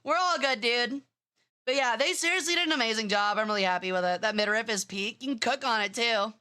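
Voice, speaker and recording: A woman's voice: on the high side, fairly quick, pushed and bright, clear, resonant tone. A young woman streamer chatting casually and rambling, bratty in tone, swearing freely and using plenty of fillers. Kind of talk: casual live-stream chat.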